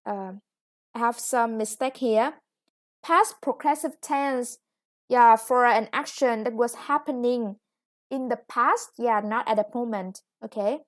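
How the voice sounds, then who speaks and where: A woman with a Vietnamese accent teaching an English lesson, explaining patiently and drawing out new words as she goes. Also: fairly high pitch. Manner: patient, explains slowly, stretches new words, self-corrects. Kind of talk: recorded classroom lesson for students.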